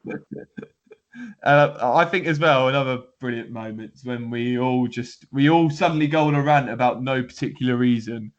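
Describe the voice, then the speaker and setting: A man's voice: medium pitch, moderate pace, highs cut off. A man co-hosting a football podcast, talking in a rambling, laughing way with lots of restarts. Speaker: podcast co-host. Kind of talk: casual chat.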